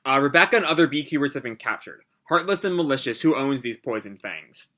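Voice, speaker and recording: Bright-voiced man reacting to a manga. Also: medium pitch, expressive, brisk. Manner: hesitant, lots of fillers and restarts, reflective. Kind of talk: reading a manga aloud with commentary.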